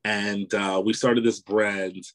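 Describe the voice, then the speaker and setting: This interviewee, a Canadian author and entrepreneur, chats in a relaxed, rambling way, with frequent "you know" fillers and easy laughter. His voice is on the low side, flat, slow and fairly bright, and the audio quality is poor.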